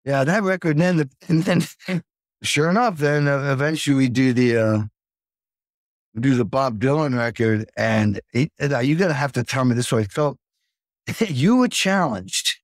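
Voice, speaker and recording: A man hosting a casual chat, an animated storyteller who acts out the voices in his anecdotes. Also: medium pitch, moderate pace, no echo, studio quality. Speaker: host, session drummer.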